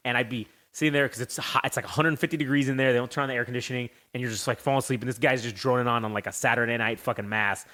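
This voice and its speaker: A man's voice: medium pitch, steady tone, racing, few pauses, pushed and bright. A man telling a rambling, profane story as a podcast co-host. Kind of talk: casual storytelling.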